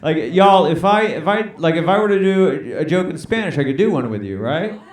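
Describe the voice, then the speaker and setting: High-voiced stand-up comedian, echoey club. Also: male voice, expressive, a little fast. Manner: crowd work, playful banter with the audience. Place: comedy club stage before a laughing audience. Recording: echoey club, mic at a distance, crowd noise. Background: audience laughter.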